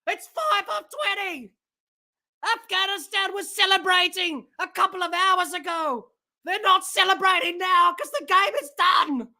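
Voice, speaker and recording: A hoarse woman, shouting excitably as a podcast host giving live watch-along commentary. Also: very high-pitched, unhurried. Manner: excitable, shouting on big hits.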